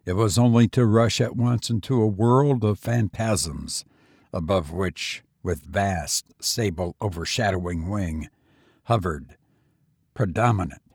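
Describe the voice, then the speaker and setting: A man reads a gothic tale aloud in a solemn, measured way. His voice is low and husky, with a gravelly fry, and the recording is close and dry. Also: darkish tone, dry recording. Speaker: narrator. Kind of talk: dramatic reading of a gothic tale.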